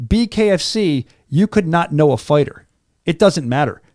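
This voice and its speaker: A man's voice: fairly high pitch, lively intonation, normal speed, a little mellow, no echo. A man hosting a combat sports podcast in a studio, chatting casually and telling stories with enthusiasm. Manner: enthusiastic, storytelling, repeats words. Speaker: podcast host.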